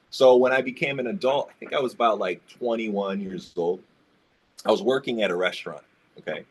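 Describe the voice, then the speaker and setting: A man's voice: on the low side, lively intonation, brisk, breathy edge. A man on a discussion panel telling a personal story, acting out the quotes and speaking in casual slang. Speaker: roundtable panelist.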